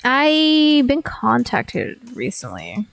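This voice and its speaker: A woman's voice: on the high side, huge pitch swings, slow pace, gravelly, soft background music. A woman VTuber streamer talking casually while she works, rambling, swearing freely and filling her speech with "like". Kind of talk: casual live-stream chat. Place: home streaming setup.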